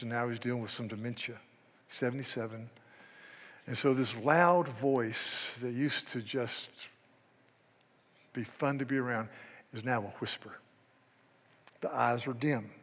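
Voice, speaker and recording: An older man preaching a devotional sermon, moving from quiet reflection to fervent pleading. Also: mid-range voice, normal speed, pauses often, slightly rough, long reverb tail.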